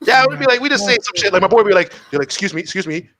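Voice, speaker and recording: A man from Montreal on a comedy podcast, telling crude stories in an animated way and acting out the quotes. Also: high voice, rapid-fire, crowd noise. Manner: animated storytelling, heavy swearing, acts out quotes. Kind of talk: casual podcast banter.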